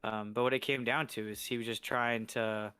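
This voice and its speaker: Smooth-voiced joking man. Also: medium pitch, fairly even intonation, normal speed, bright, forceful tone, no room sound. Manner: joking and chatty. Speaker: player. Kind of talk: casual tabletop game chat.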